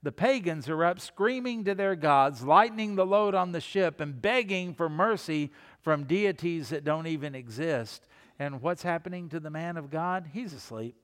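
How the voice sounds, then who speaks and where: A man preaching a sermon as pastor, expressive, repeating phrases and dropping his voice low and soft to stress a point. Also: normal speed. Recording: long reverb of a large hall.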